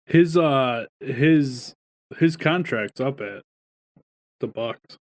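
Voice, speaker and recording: With a medium pitch and drawn-out words, this man's voice has no room sound at all. He's co-hosting a sports podcast from home over wifi, keeping it casual, swearing freely, and telling stories with quoted voices.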